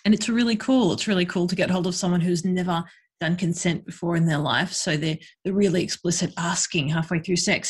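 A woman speaks frankly in a casual podcast chat. She has a husky, slightly breathy voice and a loose, chatty delivery full of fillers. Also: on the low side, a little fast. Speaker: guest, sex worker and educator.

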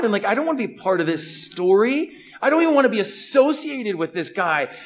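A man preaching a sermon in a storytelling way, impassioned, moving from loud bursts to hushed lines. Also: sits high. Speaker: pastor.

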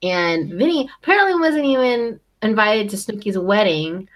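A woman's voice: mid-range voice, expressive, moderate pace. A young woman co-hosting a casual chat, recapping a show with lots of "um" and "like". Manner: chatty, lots of fillers like "um" and "like". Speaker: co-host recapping a reality show.

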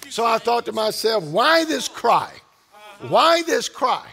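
A man pastor preaching a sermon, building up with loud, repeated refrains. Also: extremely high pitch, sing-song, takes it slowly, creaky, crowd noise. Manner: preaching with rising, shouted repetition.

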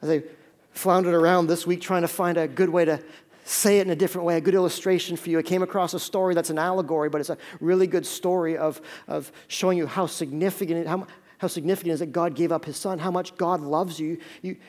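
A man preaching a sermon as pastor, telling a story with sudden loud peaks and hushed stretches, often restarting his words. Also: on the high side, fairly even intonation, quick pace. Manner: storytelling, swinging from loud urgent peaks to hushed near-whispers.

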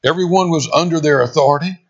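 A man preaching a sermon, expressive, with dramatic pauses and emphatic quoted lines. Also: a little high. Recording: dull lo-fi sound.

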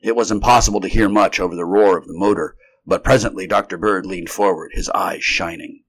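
Low-voiced man narrating a story. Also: steady tone, brisk. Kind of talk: unrehearsed reading of a vintage sci-fi story.

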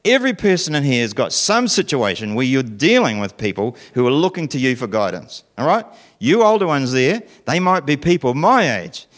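A middle-aged man preaches in a chatty, storytelling way. His pitch swings widely as he throws questions at the congregation and slips into acted voices. He sits at an ordinary pitch for a man. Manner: animated storytelling, acting out voices, asking the audience questions. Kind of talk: conversational sermon.

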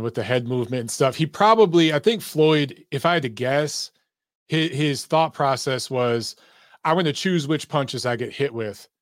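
Relaxed man hosting a live stream. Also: mid-range voice, dry recording, clean studio sound. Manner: relaxed, laughs easily, loose and profane. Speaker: boxing show host. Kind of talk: casual live-stream chat.

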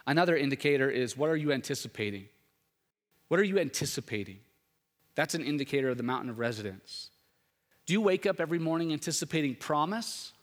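Male pastor preaching, bright forceful voice, somewhat high, long hall reverb, dramatic swings from loud to hushed. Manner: dynamic, swings from loud rhetorical questions to hushed intimate tones. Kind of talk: sermon. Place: church sanctuary.

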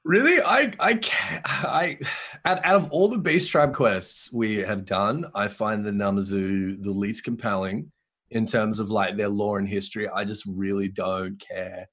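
A man's voice: on the low side, unhurried, fairly bright tone, husky. Male co-host, casual gaming chat, joking, restarts often. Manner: joking, trailing off, repeats words.

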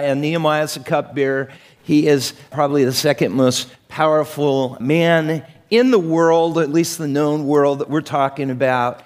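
A man preaching a sermon in a relaxed, conversational way, acting out Bible scenes in quoted voices. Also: a little high. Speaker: pastor. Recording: long hall reverb.

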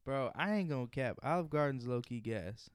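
A young man from Indiana co-hosting a podcast, joking loudly in profane, casual banter. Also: medium pitch, lively intonation, moderate pace, clean tone, no room sound, studio quality. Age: young adult. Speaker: podcast co-host. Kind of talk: casual chat.

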